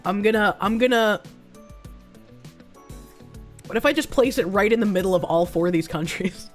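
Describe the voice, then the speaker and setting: A woman's voice: medium pitch, normal speed. A young woman streaming a guessing game, thinking aloud, laughing often and swearing freely. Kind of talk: casual live-stream commentary while playing a guessing game. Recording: faint music behind the voice.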